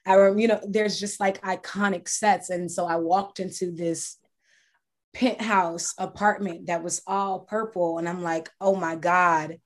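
A woman's voice: medium pitch, steady tone, a little slow, a little mellow. A woman interviewed as an actress, talking casually and reflectively with frequent fillers. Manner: chatty, reflective, many fillers.

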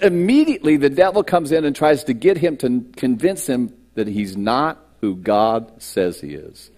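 A man's voice: mid-range voice, lively intonation, moderate pace, hardly any pauses, darkish tone. A man pastor delivering a sermon at a church service, reading scripture and preaching with dramatic swings in his voice. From United States.

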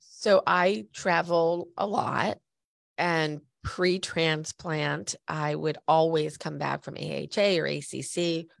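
A woman with a low, creaky voice speaks slowly and with fairly even intonation, and the recording is dry. She hosts a conversational podcast and sounds a little stuffy from a cold. Chatty and story-driven, she addresses her listeners directly.

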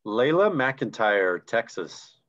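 A man's voice: mid-range voice, very animated, takes it slowly, a bit bright. Enthusiastic man on dull video-call audio. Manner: enthusiastic, chatty explaining ranks. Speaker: co-host reading recognition names. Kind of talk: live online recognition announcing.

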